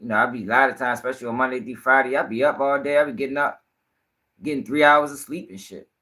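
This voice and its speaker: A man's voice: medium pitch, fairly even intonation, fast, bright, forceful tone. A young man giving rambling, profane casual commentary on a livestream.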